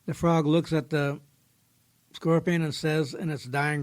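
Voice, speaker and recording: Man, podcast host, slightly high voice, plainspoken, folksy storyteller, studio. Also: flat delivery, a little slow. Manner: folksy, plainspoken, tells a fable with small quoted voices. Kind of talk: casual podcast talk with storytelling.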